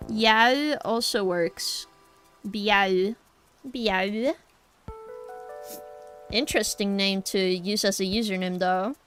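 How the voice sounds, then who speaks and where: Slow-talking Norwegian young woman streamer. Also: medium pitch, a bit bright, faint music behind. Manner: rambling, chatty, addresses chat directly. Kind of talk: casual chat while drawing.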